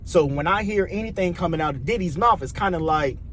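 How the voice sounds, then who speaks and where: A man's voice: sits high, fairly quick, a bit bright, slight background noise. A young man from Chicago with a Chicago accent, ranting in a loose, profane, rambling way that repeats itself. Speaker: vlogger. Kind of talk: casual opinion rant.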